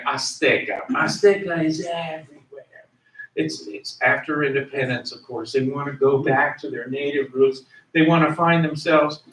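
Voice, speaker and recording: A man's voice: fairly high pitch, a bit bright. A man giving a history lecture to a class, explaining terms patiently and repeating words and spellings for his listeners. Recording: echoey room, voice from a distance.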